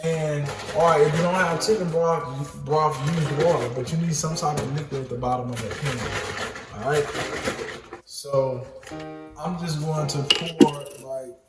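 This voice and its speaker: A man's voice: on the high side, fairly even intonation, measured pace. A man, talking casually to viewers while cooking, joking and apologizing often. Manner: chatty, apologetic, addresses viewers as y'all. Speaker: home cook vlogger. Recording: echoey room with music behind.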